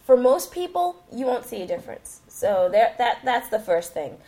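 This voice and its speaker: A woman's voice: on the high side, big pitch swings, normal speed, warm tone. Chatty woman reviewing gear. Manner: chatty, frequent ums, swears casually. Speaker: podcast co-host reviewing a TV. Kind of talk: casual chat.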